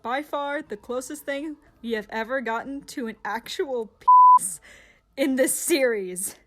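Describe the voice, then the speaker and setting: A young woman giving excitable, sarcastic comedic commentary on a fan-favorite comic series. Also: high voice, a little slow, very noisy. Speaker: video creator. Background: faint background music.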